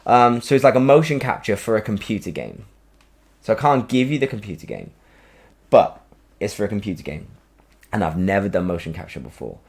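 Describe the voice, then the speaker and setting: A man, hosting a podcast and telling a story in a casual, animated way, acting out quotes and swearing freely. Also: lowish voice, a little fast. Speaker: podcast host. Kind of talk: casual chat.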